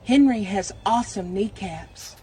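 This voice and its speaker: A man's voice: high voice, a little slow, mellow, slight background noise. A man in a played video clip, speaking in an earnest, self-affirming way.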